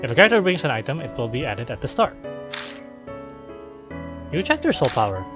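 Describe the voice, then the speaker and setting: A man's voice: medium pitch, sing-song, brisk, music in the background. A man casually playing a visual novel, reading its text aloud and chatting loosely with lots of fillers. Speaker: let's player.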